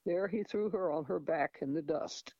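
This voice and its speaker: Male reader, fairly high-pitched, close dry mic, dull lo-fi recording. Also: moderate pace, a little mellow, no echo. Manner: hesitant, with restarts and asides. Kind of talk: reading a novel aloud.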